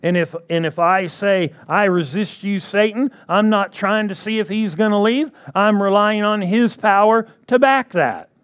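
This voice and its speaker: A man's voice: high-pitched, moderate pace, hardly any pauses, a bit bright, clear, resonant tone. A man preaching a sermon who repeats his key phrases and keeps asking the congregation for agreement.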